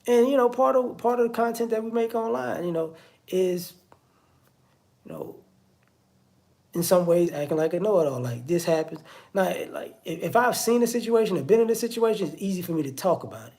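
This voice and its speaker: A man's voice: high voice, animated, fairly quick, creaky, darkish tone. A man giving a casual spoken monologue, conversational and repetitive. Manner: conversational, repeats "you know what I'm saying". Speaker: online commentator.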